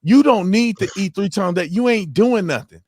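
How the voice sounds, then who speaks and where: A man's voice: high-pitched, a little fast, no echo, clean studio sound. A man hosting a casual panel livestream, telling stories with slang and acting out what people said. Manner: animated storytelling, slangy, acts out quotes. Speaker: host.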